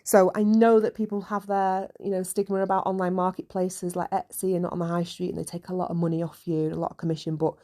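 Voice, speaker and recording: A woman's voice: fairly low pitch, little pitch movement, fast talker, hardly any pauses, dark tone. A woman hosting a podcast, telling her story in a chatty, candid way with many "you know" asides. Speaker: podcast host. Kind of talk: casual solo podcast storytelling.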